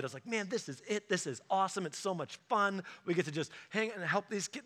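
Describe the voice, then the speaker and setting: A man pastor telling a personal story in a sermon, animated and acting out the voices of the people he quotes. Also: high-pitched, fairly quick, few pauses.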